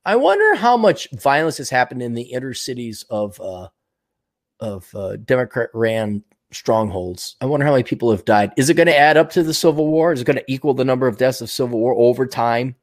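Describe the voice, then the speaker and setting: A man's voice: mid-range voice, big pitch swings. A man hosting a livestream, reading viewer donations and ranting bluntly with plenty of profanity, fillers and restarts. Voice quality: fast, loose delivery with many fillers and restarts. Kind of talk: casual livestream rant.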